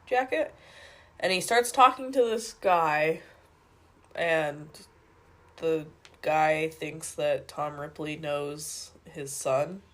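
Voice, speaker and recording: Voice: mid-range voice, slow pace, pauses often. A podcast co-host who is sick with a stuffy nose, chattily summarizing a movie plot. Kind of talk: casual movie review chat.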